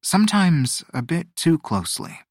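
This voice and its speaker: Man reading a storybook, expressive. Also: a little high, normal speed, no echo, studio quality. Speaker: audiobook narrator. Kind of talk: scripted narration.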